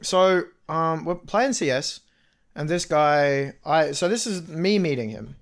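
Chatty man, higher voice. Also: animated, measured pace. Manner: chatty storytelling, quotes people in reported speech. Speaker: podcast co-host. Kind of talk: casual chat.

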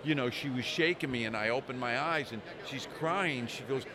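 A man's voice: medium pitch, normal speed. Man in his sixties telling stories. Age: 60s. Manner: chatty, anecdotal, swears casually. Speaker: small business owner. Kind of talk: casual storytelling chat. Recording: outdoor crowd chatter behind.

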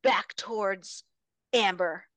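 Female podcast co-host, casual but theatrical recapper, middle pitch, dry close sound. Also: slow pace, fairly bright tone, no echo. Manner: dramatic storyteller, builds suspense. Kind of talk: casual book-recap chat.

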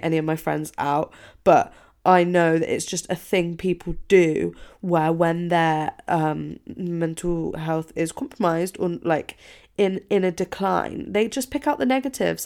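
A woman's voice: creaky, darkish tone. A young woman chatting casually and at length, filling her talk with "like" and acting out her own past words. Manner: rambling, heavy use of "like", acts out quotes in a higher voice. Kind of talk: casual confessional chat.

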